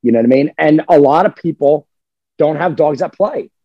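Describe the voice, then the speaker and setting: Male dog trainer, husky and a little high, emphatic podcast chatter in a dry room. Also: normal speed, no room sound, dull audio. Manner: emphatic, animated, acts out dog voices. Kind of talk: casual podcast chat.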